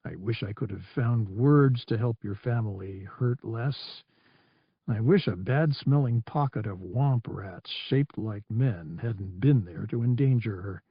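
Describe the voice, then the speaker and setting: A man's voice: mid-range voice, breathy edge, no echo, lo-fi sound. A man voicing an earnest, weary male squadron commander who speaks soberly, in an audiobook.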